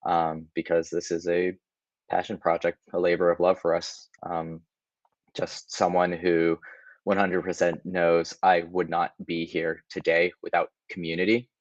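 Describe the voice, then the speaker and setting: A man's voice: sits low, monotone, a little slow, no room sound, lo-fi sound. A man, the conference organizer, speaking earnestly and hesitantly over a video call, with many ums. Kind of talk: casual remarks at a virtual conference.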